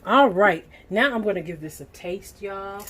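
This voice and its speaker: A woman's voice: mid-range voice, animated, unhurried, fairly bright tone, breathy edge. A middle-aged woman with a Southern US accent, chatting folksily to her viewers as she stirs and cooks in her home kitchen. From Southern United States. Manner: folksy, talks straight to viewers while stirring. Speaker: cooking channel host. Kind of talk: chatty cooking demonstration.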